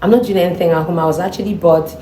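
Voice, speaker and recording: A woman vlogger telling a personal story in an animated, indignant way, acting out the dialogue. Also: fairly low pitch, rapid-fire, a little hiss or hum. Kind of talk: storytime monologue. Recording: echoey room.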